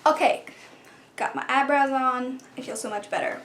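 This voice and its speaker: A woman's voice: high voice, steady tone, normal speed, a bit bright, echoey room, soft background music. A young woman narrating a casual makeup tutorial at home, chatty and walking through each step. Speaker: beauty vlogger. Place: home room.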